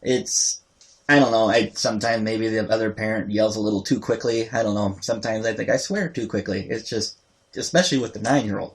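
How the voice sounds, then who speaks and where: Gravelly-voiced blunt man. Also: on the low side, a little fast. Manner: blunt, swears, speaks as a frustrated parent. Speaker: guest. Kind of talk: casual chat.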